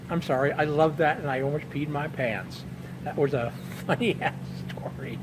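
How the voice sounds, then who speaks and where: A man's voice: fairly high pitch, moderate pace, a little hiss or hum, poor audio. A man chatting casually as a vlogger, telling a rambling, chuckling story while outdoors on a bench at night. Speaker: pipe-smoking vlogger. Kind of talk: casual chat.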